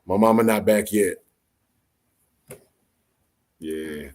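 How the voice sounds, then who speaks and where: A man hosting a live late-night talk show, chatting casually with a soft-spoken, laid-back, joking manner over a phone line. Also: lowish voice, drawn-out words. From Orange, Texas. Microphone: phone call into live audio show.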